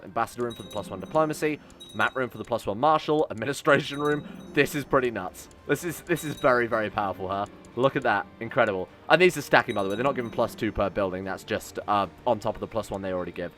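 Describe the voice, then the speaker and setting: A man's voice: mid-range voice, a bit bright. A man commentating his own strategy game play, reading event text aloud and reacting with sarcasm and swearing. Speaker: let's-play host.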